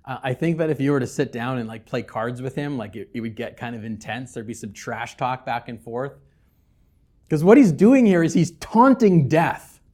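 A man preaching a sermon as pastor, swinging between loud, emphatic scripture reading and quiet, conversational asides with humor. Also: medium pitch, animated, moderate pace. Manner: conversational, with casual fillers and humor.

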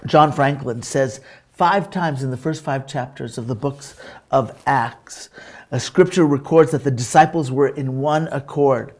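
A man preaching a sermon and telling a story, earnest and unhurried, with pauses, fillers and restarts. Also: mid-range voice, darkish tone. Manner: engages remote listeners to repeat words.

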